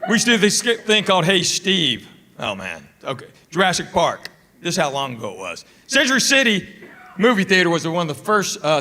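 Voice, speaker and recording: A man doing a stand-up routine on a theater stage, telling stories with animated punchlines. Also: fairly high pitch. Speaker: stand-up comedian. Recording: reverberant theater sound.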